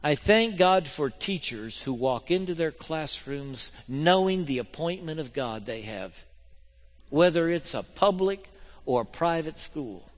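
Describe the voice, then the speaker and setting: A man preaching a sermon to his congregation, swinging from loud, fervent exhortation to quiet, intimate appeals and rhetorical questions. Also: a little high, lively intonation, a little slow. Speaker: pastor.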